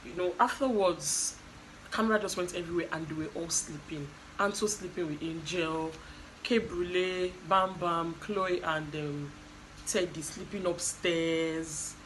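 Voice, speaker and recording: A woman's voice: on the low side, steady tone, a little slow, a bit bright, a little hiss or hum, low-quality recording. A woman casually recapping a reality show, chatty, with fillers and quoted asides.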